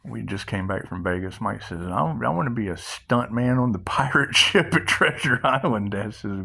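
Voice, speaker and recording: A man's voice: on the low side, animated, moderate pace, creaky, pushed and bright, husky. A middle-aged man hosting his own channel, giving a rambling spiritual monologue and storytelling, swearing casually and laughing often. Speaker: channel host.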